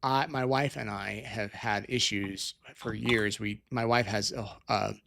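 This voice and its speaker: A man's voice: on the low side, fairly even intonation, measured pace, gravelly, bright, forceful tone, a little hiss or hum. Rambling, chatty middle-aged man hosting. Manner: rambling and chatty, with restarts and tangents. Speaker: show host. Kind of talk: casual live-stream chat. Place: Utah.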